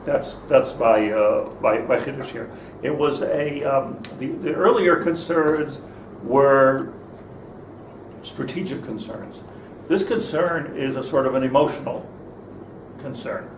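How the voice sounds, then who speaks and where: Rabbi in an echoey classroom. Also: male voice, mid-range voice, slow. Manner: thinks aloud, questions the class, many restarts. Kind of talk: interactive Torah class. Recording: echoey room, far from mic, faint noise.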